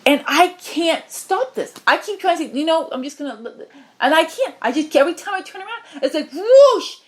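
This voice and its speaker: A woman delivering a channeled spiritual message, pleading with passion and moving from low murmurs to high cries. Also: expressive, brisk, fairly bright tone.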